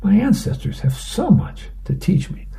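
A man's voice: high voice, sing-song, moderate pace, creaky, dark tone, voice pushed up, heavily acted. A man reading a comic aloud, voicing a bumbling, self-satisfied husband in an earnest, musing way.

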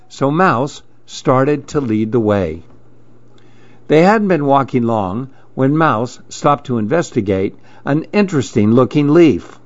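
A man reading a children's storybook aloud in a calm, measured way. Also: mid-range voice, no room sound, dull audio.

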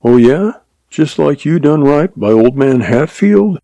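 A man's voice: on the high side, lively intonation, unhurried, mellow, dry recording, voice pushed up. A man voicing a cocky cowboy puncher who drawls and mocks his enemies. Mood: mocking. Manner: drawling, mocking.

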